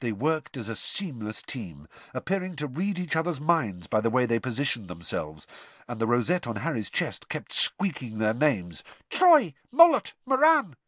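A man narrating an audiobook with an expressive, varied delivery. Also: mid-range voice, moderate pace, no room sound.

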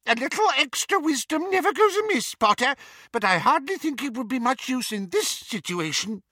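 A man voicing a tiny, excitable elderly male charms professor with a squeaky voice in a storybook reading. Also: normal speed, dry recording, studio quality, heavily acted. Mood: flustered.

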